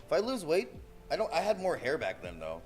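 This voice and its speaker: Animated, profane man in his forties. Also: fairly high pitch, fairly quick, soft background music. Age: 40s. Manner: loose, profane, animated, says "bro" a lot. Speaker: streamer. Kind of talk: casual storytelling chat.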